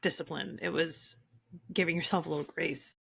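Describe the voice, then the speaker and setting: A woman's voice: deep voice, steady tone, moderate pace, gravelly, a bit bright, husky. A woman co-hosting a casual podcast, chiming in with short, supportive remarks. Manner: supportive, brief interjections. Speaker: podcast co-host. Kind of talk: casual conversational podcast talk.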